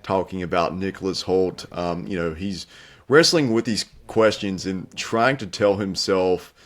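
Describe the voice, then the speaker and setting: A young man co-hosting a film review show, talking casually with many pauses and fillers. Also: low-pitched. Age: young adult. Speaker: film critic co-host.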